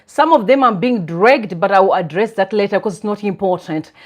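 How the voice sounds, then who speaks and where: A woman hosts a casual live stream at a middling pitch. She speaks earnestly and reflectively, with soft laughs between her thoughts. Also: a little fast.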